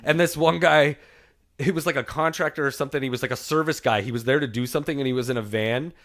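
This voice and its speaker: A man co-hosting a podcast in casual chat, telling stories in an animated way and swearing often. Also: medium pitch, quick pace. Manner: animated storyteller, swears a lot. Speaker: podcast co-host.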